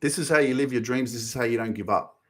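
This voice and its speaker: A man's voice: mid-range voice, quick pace. Passionate, swearing motivational podcaster man. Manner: passionate, emphatic, swears freely, repeats phrases for emphasis. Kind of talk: motivational monologue.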